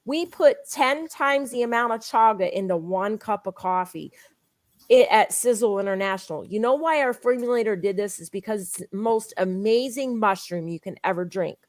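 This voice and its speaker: A woman guest giving an eager, insistent sales pitch built on personal stories. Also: lively intonation, no echo. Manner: eager, insistent, fast storytelling. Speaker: guest, product promoter.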